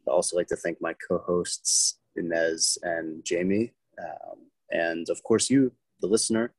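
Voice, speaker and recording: A man hosting a podcast, wrapping up the episode in a measured way with a few fillers. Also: sits low, fairly even intonation, husky, dry recording, poor audio. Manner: measured, thanking guests with some filler. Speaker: podcast host. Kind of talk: closing remarks.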